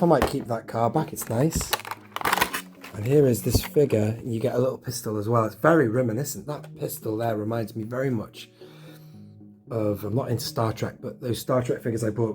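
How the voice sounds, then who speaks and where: Middle-aged bloke unboxing toys at home, chatty and excited, bit of music faint behind him. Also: male voice, medium pitch, fairly quick. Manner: chatty, enthusiastic, talks to himself while unboxing. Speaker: collector vlogger. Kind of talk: casual unboxing chat. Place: home collection room.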